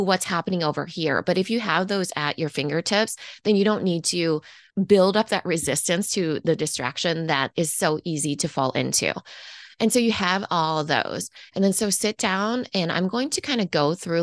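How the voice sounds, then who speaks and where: Woman, podcast business coach, casual chatty delivery, lowish voice. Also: no room sound, studio quality. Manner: casual and conversational, lots of "like" and "okay". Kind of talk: guiding listeners through reflection prompts.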